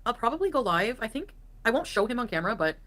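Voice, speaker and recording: A woman's voice: on the high side, sing-song, quick pace, fairly bright tone. Rambling woman chatting on a livestream. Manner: rambling, full of fillers, breaks off to talk to pets. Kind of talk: casual livestream chat. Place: home.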